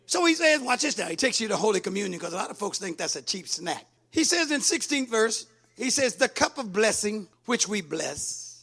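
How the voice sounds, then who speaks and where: A man delivers a fiery sermon in a very high, bright voice. He reads verses slowly, explains them, then rises to emphatic shouted calls. His tone stays forceful and ringing throughout. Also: sing-song, husky. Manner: emphatic preaching, quoting scripture, rising to shouts. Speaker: pastor.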